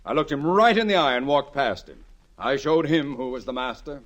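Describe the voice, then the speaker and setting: A man's voice: medium pitch, expressive, normal speed, fairly bright tone, close to an everyday voice. An actor playing a boastful, blustering middle-aged male banker turned farmer in a 1940s radio sitcom, a father who chuckles at his own jokes. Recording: hissy 1940s radio recording.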